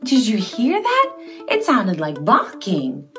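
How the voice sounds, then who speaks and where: A young woman presents a toddler learning video, talking slowly in a playful sing-song way and making silly animal sounds. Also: medium pitch, huge pitch swings, over music. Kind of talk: teaching toddlers.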